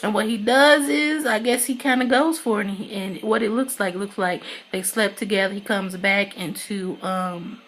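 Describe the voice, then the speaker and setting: A woman's voice: medium pitch, fairly bright tone. Rambling woman recapping a TV episode. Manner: rambling storytelling, full of "you know" and "uh"; acts out characters' lines in quick asides. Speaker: TV episode reviewer.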